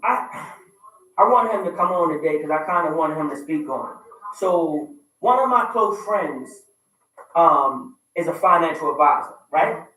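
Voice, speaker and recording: A man's voice: fairly high pitch, lively intonation, unhurried, sharp tone. A man in his thirties, hosting a radio talk show, making emphatic, repetitive points and raising his voice at times. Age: 30s. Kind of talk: opinionated relationship talk. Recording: very echoey room, distant mic.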